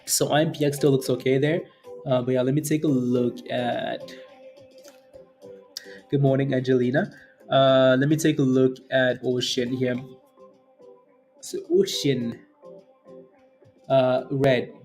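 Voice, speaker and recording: Man, live trading stream host, casual chatter, lots of fillers, mellow voice, faint background music. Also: mid-range voice, flat delivery, a little slow, pauses often. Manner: chatty, laughs often, repeats phrases, many fillers. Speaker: stock trading livestream host. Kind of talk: casual live commentary answering chat.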